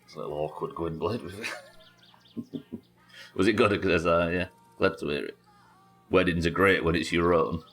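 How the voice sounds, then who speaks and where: A man's voice: low voice, a little slow, pauses often, fairly bright tone, faint music behind. A British man streaming a game live, chatting casually with viewers, reading out their messages and swearing freely. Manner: chatty, swears, reads chat aloud. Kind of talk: casual gameplay chat.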